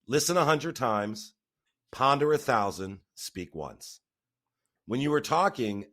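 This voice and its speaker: A man's voice: mid-range voice, a bit bright. A man co-hosting a podcast, chatting casually in a reflective way and chuckling often. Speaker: podcast co-host. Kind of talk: casual chat.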